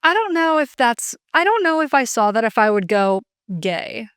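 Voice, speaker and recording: A woman's voice: sits high, big pitch swings, a little fast, fairly bright tone, dry recording, clean studio sound. A woman hosting a podcast in casual chat, curious and asking short questions. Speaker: podcast host.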